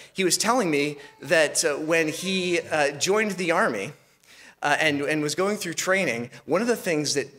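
A man's voice: a little high, a bit bright. A man preaching a sermon as pastor, asking rhetorical questions and restarting phrases as he goes.

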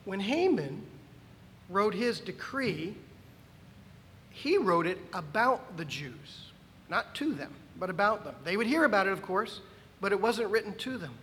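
In an unhurried sermon, this pastor's high, bright voice stays emphatic and animated, broken up by wry remarks aimed at the listeners. His speech echoes with long reverb as though filling a big church hall, over faint background noise.

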